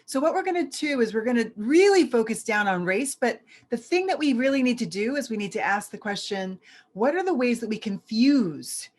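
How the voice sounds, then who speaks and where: A woman's voice: a little high, expressive, moderate pace. A woman giving a church teaching presentation as a visiting scholar, earnest and conversational, repeating key points for emphasis.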